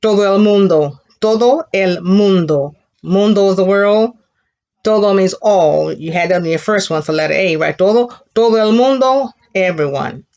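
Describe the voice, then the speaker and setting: A woman's voice: medium pitch, moderate pace, darkish tone, highs cut off. A woman teaching a children's Spanish class, patiently modeling words for the class to repeat and praising them. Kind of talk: elementary Spanish lesson.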